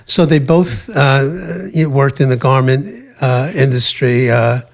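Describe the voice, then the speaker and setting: An older man from the United States, a guest in an interview, telling his life story in a measured way with frequent pauses and fillers. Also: mid-range voice, fairly even intonation.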